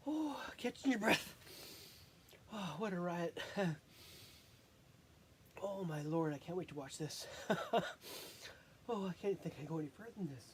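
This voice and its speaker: A person rambling through a self-recorded monologue, halting and often breaking into laughter while catching their breath. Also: mid-range voice, expressive, slight background noise.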